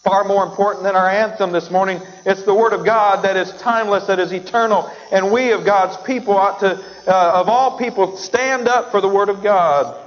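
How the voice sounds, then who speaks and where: A man's voice: high voice, fairly even intonation, moderate pace, few pauses, a little hiss or hum. A man preaching a sermon as pastor, telling a story and acting out its characters. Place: church sanctuary. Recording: dull sound with a long hall reverb.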